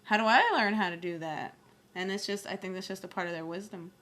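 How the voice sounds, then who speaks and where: A woman co-hosting a podcast, telling stories in a lively casual way and swearing freely. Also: mid-range voice, quick pace. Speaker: podcast co-host. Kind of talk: casual chat.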